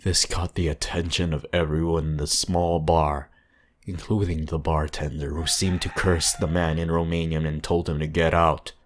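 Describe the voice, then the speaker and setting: A man narrating a horror story in a slow, measured, somber reading voice. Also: rumbling low, flat delivery. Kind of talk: scripted narration.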